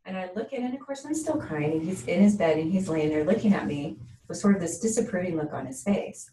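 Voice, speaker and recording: A woman's voice: fairly low pitch, lively intonation, fairly quick, mellow. A woman hosting a talk show, telling a candid and emotional personal story and often checking in with "right?". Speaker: podcast host. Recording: echoey room, mic at a distance, faint noise.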